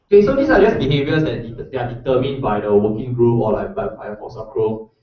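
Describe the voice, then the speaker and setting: A man with a medium-pitched voice talks fast while running a live coding workshop in a lecture room, keeping things loose and chatty and often checking that his audience is following. He sounds far from the mic, his voice echoes heavily around the room, and the recording is dull and lo-fi.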